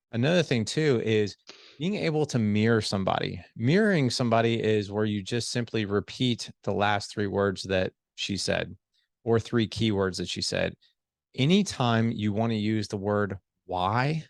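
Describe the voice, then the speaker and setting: A middle-aged man with a low, gravelly voice appears as a podcast guest, coaching in a lively, conversational way and slipping into acted-out dialogue. Recorded on a studio headset, the sound is close and dry with no room sound at all.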